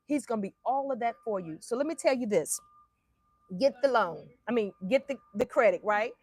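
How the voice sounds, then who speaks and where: A woman's voice: a little high, lively intonation, normal speed, darkish tone. Emphatic woman telling a faith testimony. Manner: emphatic, bold, talks straight to listeners. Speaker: motivational speaker.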